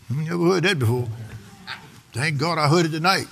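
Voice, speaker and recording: A man's voice: on the high side, expressive, fairly quick, fairly bright tone. A man preaching a sermon in a rhythmic, half-sung delivery, drawing out words for emphasis and calling for responses from his congregation.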